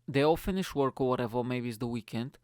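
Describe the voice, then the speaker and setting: Talking fast in a clean tone, this mid-range podcast host spins funny stories in a chatty way, cursing freely and tossing out "mate" often. The close-miked recording is dry, without room sound.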